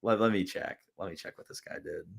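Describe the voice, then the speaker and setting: Talking a little fast in a low, creaky, slightly rough voice, a young man runs a live stream. He rambles casually with fillers while answering questions from chat and laughing at their comments.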